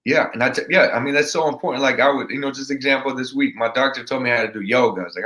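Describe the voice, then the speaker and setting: With barely a pause, this man races through his words in a pushed, bright voice at a middle pitch. He's a podcast guest in a casual interview, sounding like a motivational speaker as he rambles and keeps restarting sentences.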